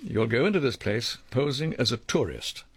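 This actor voices a dry, precise male ringleader in command, setting out a sting plan with clipped, bossy, formal wording. He speaks at medium pitch and normal speed in a sing-song way, with a breathy edge and no echo.

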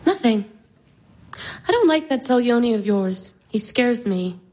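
An actress playing a wistful, unhappy young woman of twenty who speaks softly and broodingly. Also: on the high side, very animated, measured pace. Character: wistful young sister, restless and sad. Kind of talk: stage drama acting.

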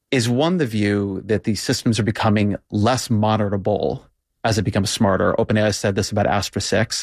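Low-voiced, probing male interviewer. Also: dry recording, clean studio sound. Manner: measured, probing questions. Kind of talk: interview conversation.

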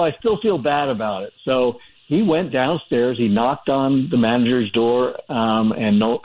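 Male guest author on a phone line, mid-range voice, rambling anecdotal delivery. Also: mid-range voice. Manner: chatty storyteller, many fillers and restarts. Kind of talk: phone-in radio interview.

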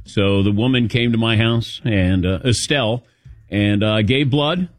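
A man's voice: on the low side, a little slow, dry recording, soft background music. A man in his sixties hosting a sports radio show, telling a self-mocking story and acting out the people in it. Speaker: sports talk show host. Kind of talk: casual radio show chat. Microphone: studio microphone.

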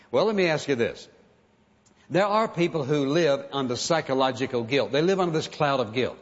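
A man with a somewhat high voice preaches a sermon, earnest and conversational, sometimes acting out pleading prayers. His voice rings with a long echo through a large hall. The recording sounds muffled and dull. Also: animated, a little fast.

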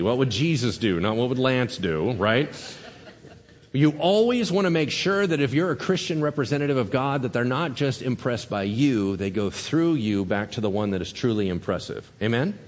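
A middle-aged man preaches with lively, storytelling energy, now and then dropping his voice to act out quotes. His voice sits mid-range and rings out with a long reverb tail, as if he were in a big church hall. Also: medium pitch. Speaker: pastor. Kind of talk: sermon.

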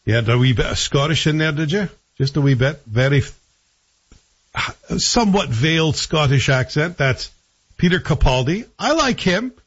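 Husky guy rambling wryly about a tv show, a bit higher voice, dull lo-fi sound. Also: big pitch swings, moderate pace, a bit bright. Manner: wry, conversational, rhetorical questions. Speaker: TV reviewer. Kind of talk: casual spoken review.

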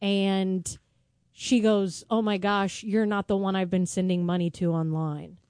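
A woman co-hosting a radio show, telling lively stories and acting out what people said. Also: mid-range voice, measured pace, clean tone, no room sound, studio quality. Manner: animated storyteller, acts out quotes. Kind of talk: casual on-air banter.

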